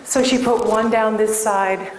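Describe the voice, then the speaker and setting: A woman from Des Moines gives a keynote talk to a live audience, slow and deliberate, pressing each point home. Her voice rings out in a large hall with a long, roomy echo. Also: a little high, steady tone, a little hiss or hum. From Des Moines, Iowa. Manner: emphatic, storytelling, addresses audience. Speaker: career coach and speaker. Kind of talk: keynote speech.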